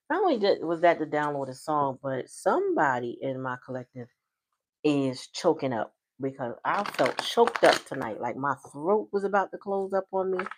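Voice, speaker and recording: A woman's voice: sits low, darkish tone. A woman giving a casual, chatty tarot reading on a livestream, talking loosely with folksy slang. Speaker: tarot reader.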